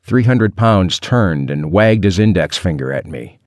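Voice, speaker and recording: A man narrating a first-person adventure audiobook in a wry, expressive storytelling manner. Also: low voice, unhurried, dry recording, clean studio sound.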